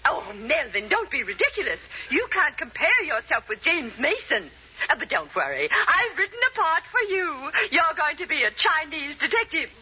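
An actress playing a flighty, dramatic society matron in a 1940s radio comedy. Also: female voice, sits high, wildly swooping pitch, moderate pace, pushed and bright, highs cut off, exaggerated voice. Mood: patronizing. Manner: swooning and theatrical. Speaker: banker's wife staging a charity play. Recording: noisy old radio broadcast.

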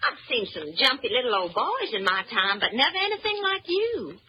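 A gushing Southern belle, sugary and animated. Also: female voice, fairly high pitch, a little fast. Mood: flirty. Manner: syrupy drawling flirtation. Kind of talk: 1940s radio acting. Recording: muffled old radio recording, faint hiss.

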